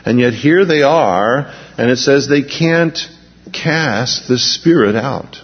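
A man preaching a sermon, reading scripture aloud and breaking into relaxed, conversational stories and asides. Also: mid-range voice, slow pace, breathy edge. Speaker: pastor. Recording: dull lo-fi recording with long reverb.

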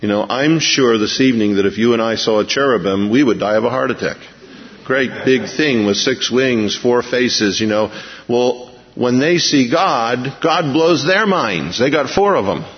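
A man's voice: mid-range voice, animated, normal speed. A man preaching a verse-by-verse sermon, retelling scripture in a folksy, chuckling way. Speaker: pastor. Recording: lo-fi radio broadcast with long reverb.

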